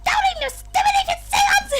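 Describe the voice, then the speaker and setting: A woman voicing a haughty young priestess in a shrill, screechy, screaming high voice for a video game. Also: expressive, unhurried, soft background music, exaggerated voice. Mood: shrieking scornful. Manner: shouting imperiously.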